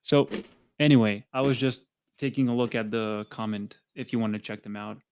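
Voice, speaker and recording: A man co-hosting a casual chat while doing pushups, out of breath, animated, acting out quoted dialogue. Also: on the low side, moderate pace, clean tone, no room sound. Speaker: podcast co-host.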